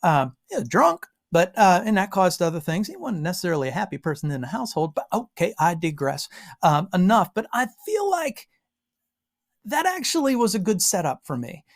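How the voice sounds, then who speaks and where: Lively low-voiced American woman teaching. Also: normal speed. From Western Pennsylvania, USA. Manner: animated storytelling with frequent asides. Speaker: Bible teacher. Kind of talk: informal Bible exposition.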